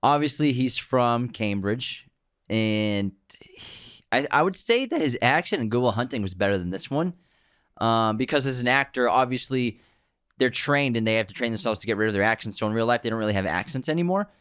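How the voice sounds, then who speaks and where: A man's voice: medium pitch, expressive, a little fast, a bit bright, smooth, dry recording. Guy cohosting a podcast, laid back and teasing, dry close mic. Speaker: podcast co-host. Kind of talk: casual chat.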